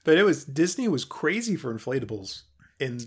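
A man's voice: on the high side, very animated, normal speed, slightly rough. Enthusiastic man reminiscing. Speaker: podcast co-host. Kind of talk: casual chat.

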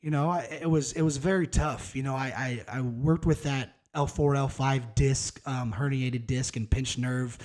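A man's voice: mid-range voice, fairly even intonation, moderate pace, few pauses, a little mellow. A man in his thirties talks through a solo podcast episode with a mid-range voice. He rambles loosely and candidly, with frequent cussing and a plain, casual delivery. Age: 30s. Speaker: podcast host.

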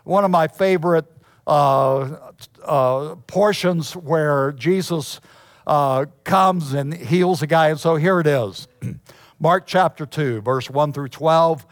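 A man preaching a sermon, reading scripture and talking it over slowly and deliberately, often clearing his throat. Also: on the high side, no room sound, studio quality. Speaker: pastor.

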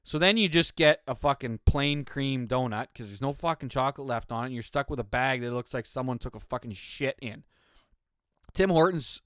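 A man's voice: medium pitch, a bit bright, no room sound, clean studio sound. A man hosting a podcast, ranting with heavy swearing and heated outbursts. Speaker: podcast host. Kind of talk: solo podcast rant.

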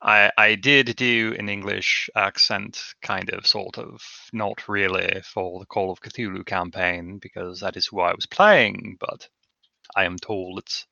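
Very low, gravelly-voiced man. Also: steady tone, unhurried, bright, forceful tone, dry recording. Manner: hesitant, self-deprecating, many fillers. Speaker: podcast co-host. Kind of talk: casual chat. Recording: dull, slightly lo-fi dry sound.

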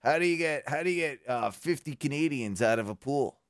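A man's voice: fairly high pitch, expressive, a little fast, no room sound, clean studio sound. A man co-hosting a casual reaction show, playful and jokey, often repeating himself as he talks. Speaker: co-host.

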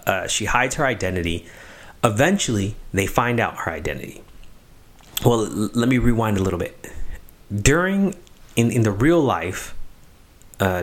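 A man reflecting on the moral of a film, emphatic and lingering on key words, with halting restarts. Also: fairly low pitch.

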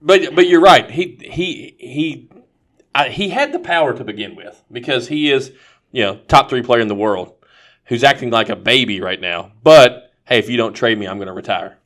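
A man's voice: mid-range voice, lively intonation, normal speed, fairly bright tone. A man co-hosting a casual sports podcast, joking and giving brash hot takes. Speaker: podcast co-host.

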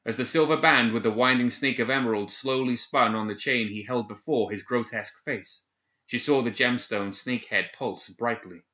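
A man narrating a dark fantasy story in a measured, dramatic reading. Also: mid-range voice, roomy sound. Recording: dull lo-fi recording.

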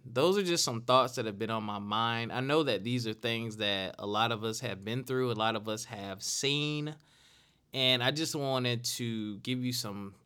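A man's voice: fairly low pitch, bright, forceful tone, clean tone. A man in his late thirties hosting a casual solo talk show, earnest and repeating phrases for emphasis. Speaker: podcast host.

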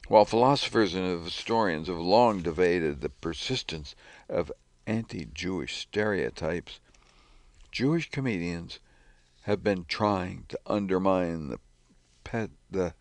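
A man reading news articles aloud in a measured, scripted way. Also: low voice, expressive, no room sound.

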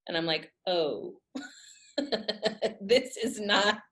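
A woman in her thirties from the United States, telling a personal faith story in a lively, emphatic way with frequent laughter. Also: medium pitch, very slow. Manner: animated, laughing often, emphatic. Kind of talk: casual storytelling.

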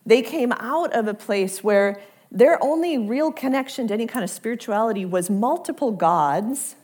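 A woman's voice: a little high, animated, moderate pace, a little mellow. A woman preaching a conversational sermon, often repeating words as she builds toward a point.

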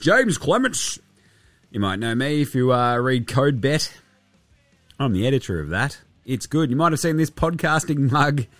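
A man's voice: on the high side, a bit bright, no room sound. An Australian man with a nasally, under-the-weather voice, hosting a podcast in a studio in a jokey, rambling, self-mocking way. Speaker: podcast host. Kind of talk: casual chat.

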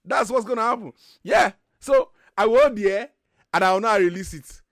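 A man's voice: high-pitched, normal speed, fairly bright tone, no echo, clean studio sound. A man, co-hosting a casual group chat and telling boastful, joking stories with some swearing.

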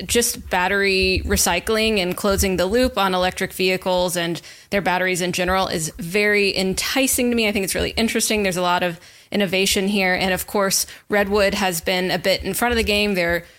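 A woman's voice: medium pitch, steady tone, brisk, a bit bright. A woman from the US Southeast, speaking as an upbeat, enthusiastic podcast guest in casual chat.

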